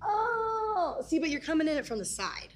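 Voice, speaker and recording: A woman's voice: high-pitched, expressive, very fast. A woman co-hosting a casual comedy talk show, teasing and blunt. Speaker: show co-host.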